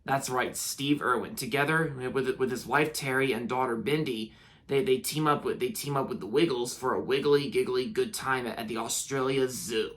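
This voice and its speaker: A man's voice: mid-range voice, normal speed, a bit bright. A young man from the United States giving a casual spoken video review. He rambles, restarts his sentences often and leans on filler words.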